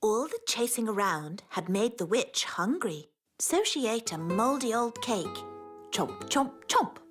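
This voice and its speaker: A cartoon witch who reads out a story with lively ups and downs, acting out each sound. Her delivery is slow and a little high, with music playing under her. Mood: storytelling.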